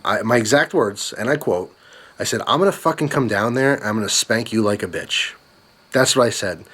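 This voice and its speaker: A young man telling a story in a vlog, swearing often and ranting with anger. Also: mid-range voice. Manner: profane, ranting. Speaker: vlogger.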